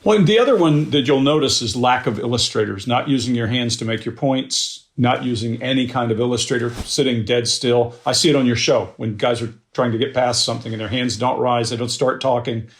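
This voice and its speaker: Plain-spoken male panel expert. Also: medium pitch. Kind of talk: panel discussion.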